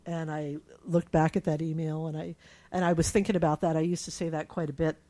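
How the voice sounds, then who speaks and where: Middle aged woman reading her own emails out loud and chatting openly, lowish warm voice, lots of ums. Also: little pitch movement, a little fast. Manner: candid, with laughs and frequent fillers. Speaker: cancer patient sharing her story.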